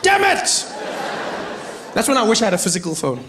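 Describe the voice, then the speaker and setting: A man, doing lively stand-up comedy on a stage before a live audience. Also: sits high, very fast, a loud crowd, very noisy. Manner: animated storytelling with acted-out voices.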